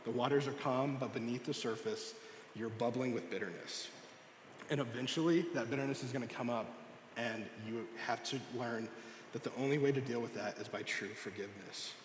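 A man's voice: mid-range voice, brisk, a little hiss or hum. A young man giving a sermon to a church group, telling a personal story and acting out the dialogue. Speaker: youth speaker. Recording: echoey hall with long reverb.

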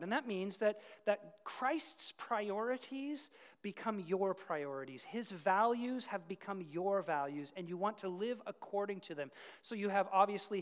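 Emphatic preacher in a reverberant hall. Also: medium pitch. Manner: emphatic, swings from hushed whispers to loud outbursts; repeats words for stress. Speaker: pastor. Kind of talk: sermon.

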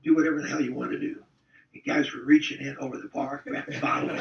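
A man's voice: mid-range voice, steady tone, a little fast, gravelly, background noise. An older man, a former football player, telling rambling, salty stories in a casual interview. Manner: rambling, salty, chuckling storyteller. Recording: distant, roomy, dull-sounding recording.

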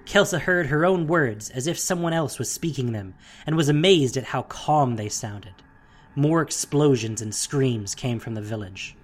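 A narrator reading a fantasy audiobook in a steady, dramatic storytelling manner. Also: mid-range voice, normal speed.

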